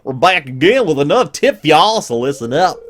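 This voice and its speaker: A man's voice: fairly high pitch, very animated, a little fast, a little hiss or hum, pitched above the performer's own voice. A man voicing a folksy male country TV host who gives farming tips in a hearty, drawling manner.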